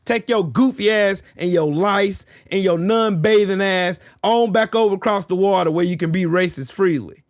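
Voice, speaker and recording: On a livestream, a streamer argues with his chat, trash-talking, taunting and boasting profanely while repeating the same jabs again and again. His voice sits high and moves at a moderate pace with few pauses, recorded dry with clean studio sound.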